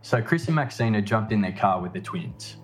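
A man reading a scripted narration in a measured, matter-of-fact way. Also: fairly low pitch, lively intonation, faint music behind. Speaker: podcast narrator.

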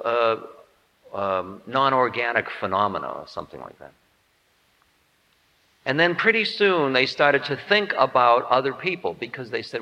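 A man teaches on the spiritual life with a lively, swooping delivery and a bright, forceful edge to his voice. He jokes at his own expense and slips into little acted voices for his stories. The sound is dull and archival, with a long hall reverb trailing every phrase. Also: medium pitch. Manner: playful, self-mocking humor; acts out quoted voices. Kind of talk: spiritual lecture.

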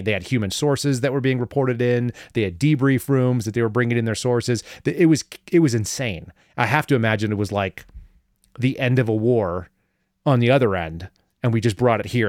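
A man's voice: medium pitch, brisk, a little mellow, no echo, studio quality. A man, a former government analyst, telling a story as a guest in a casual interview, rambling and wry with lots of fillers.

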